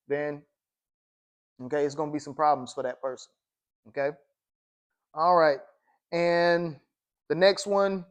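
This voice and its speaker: A man with a slightly raised voice leads an informal Bible study. He reads scripture and word definitions aloud in a patient, explanatory way. He punctuates almost every phrase with a questioning "okay?". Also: on the high side. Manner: explains slowly with frequent "okay?" check-ins.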